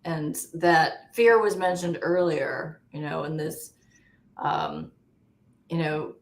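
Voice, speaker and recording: A woman guest in a casual panel chat, speaking in a hesitant, thoughtful way with many pauses and fillers. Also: low voice. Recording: roomy echo.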